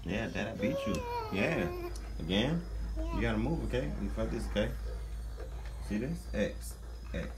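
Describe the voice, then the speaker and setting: A man's voice: lowish voice, expressive, moderate pace, pauses often. A vlogger dad with a playful, teasing way of talking. His voice moves freely up and down as he coaxes his son along in casual family chat.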